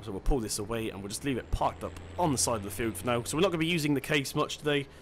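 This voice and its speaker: A man's voice: mid-range voice, racing, a little hiss or hum. A man giving casual let's-play commentary, chatty and self-deprecating, thinking aloud as he plays. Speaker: gaming channel host.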